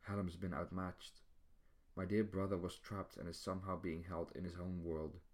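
A solemn male god speaks slowly and gravely, as a male reader puts him on. The voice sits very low, steady and unhurried, like a storybook elder delivering bad news.

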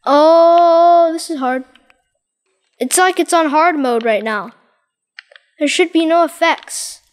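A woman giving excitable, dramatic commentary over her Minecraft gameplay, exclaiming and repeating herself. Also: high voice, unhurried. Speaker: gaming channel host.

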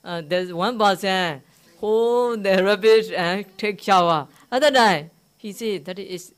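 A man's voice: sits high, slow, a bit bright, smooth. A man, a Buddhist monk, giving a dharma talk in simple broken English. He asks the listeners questions and tells a teaching story, repeating key words. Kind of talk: dharma talk to a live audience. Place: meditation centre hall.

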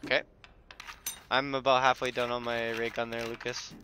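A young man streaming a video game live, chatting casually and excitedly with viewers and teammates, swearing now and then. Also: mid-range voice, moderate pace, slight background noise. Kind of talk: casual live gameplay commentary.

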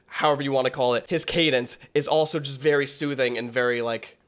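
A man's voice: mid-range voice, steady tone, brisk, fairly bright tone, smooth. Rambling young man reacting to a song. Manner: rambling, many fillers and restarts. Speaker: reaction video host. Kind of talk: casual reaction commentary.

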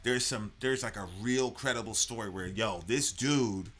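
A man's voice: fairly low pitch, normal speed, fairly bright tone. A man co-hosting a podcast, ranting casually and animatedly, swearing and tripping over repeated words. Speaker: co-host of a reaction podcast. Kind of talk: casual political rant.

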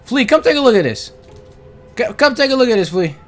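Excitable high-voiced man yelling over a game. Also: fairly quick. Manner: excitable, jumps to yelling and shrieks, teasing chatter. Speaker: gaming channel host. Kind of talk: let's-play gameplay commentary. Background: game music.

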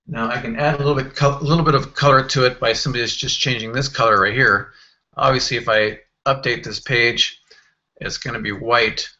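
A man walking through a software screen tutorial in a casual, think-aloud way, with fillers and self-corrections. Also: mid-range voice, steady tone, fairly quick, lo-fi sound. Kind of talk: screen-recorded software walkthrough.

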